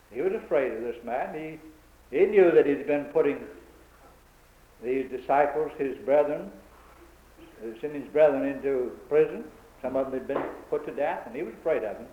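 A man preaching a sermon in an old-time cadence, building to fervent, emphatic peaks. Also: medium pitch. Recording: tinny phone-like, echoey room.

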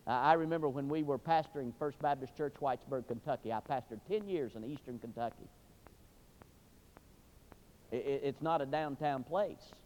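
A man preaching a sermon, telling a folksy story in an animated way with sudden loud bursts. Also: mid-range voice, normal speed. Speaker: pastor. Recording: dull recording with long hall reverb.

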